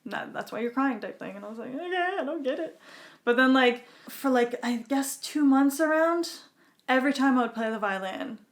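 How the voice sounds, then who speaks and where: A woman's voice: a little high, normal speed. A woman from Quebec, a podcast guest, telling a personal story in a casual, chatty way, full of "like" and acted-out quotes. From Quebec, Canada. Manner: chatty, fills talk with "like" and "type thing"; acts out quotes in her story.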